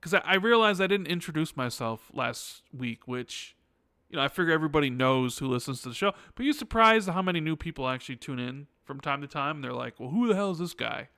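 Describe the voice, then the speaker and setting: A man's voice: a little high, expressive, fairly quick, sharp tone, smooth, no echo, clean studio sound. A man hosting a podcast in casual, joking chat, often sarcastic and restarting his sentences. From United States. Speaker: podcast host.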